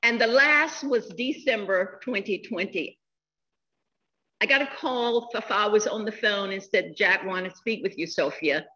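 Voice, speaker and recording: A woman in her sixties giving a funeral eulogy, telling stories in a slow, heartfelt way. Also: mid-range voice, sharp tone, muffled recording. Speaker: eulogy speaker.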